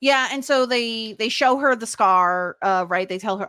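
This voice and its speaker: A woman's voice: fairly high pitch, moderate pace, bright, forceful tone, clean tone, no room sound, clean studio sound. A woman hosting a podcast, casually recapping a TV episode in a chatty way, with many restarts and laughs. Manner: chatty, lots of fillers and restarts, laughs while retelling scenes. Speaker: podcast host.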